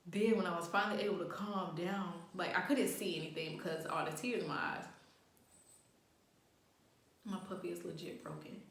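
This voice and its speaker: A woman's voice: fairly low pitch, normal speed, creaky, pauses often. A young woman telling a wild story in casual, profane chat, acting out what people said. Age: young adult. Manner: animated, profane, acts out quotes. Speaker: vlogger. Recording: very echoey room.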